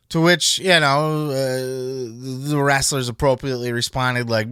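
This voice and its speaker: A man hosting a wrestling podcast, talking in a blunt, animated way and swearing a lot. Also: mid-range voice, unhurried, few pauses, clean tone, no room sound, clean studio sound. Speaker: podcast host. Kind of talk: casual profane commentary.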